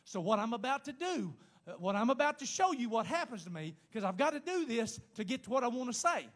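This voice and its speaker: A man preaching a sermon, emphatic and repetitive, rising to shouts at times. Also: very high voice, sing-song. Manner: pauses to speak in tongues.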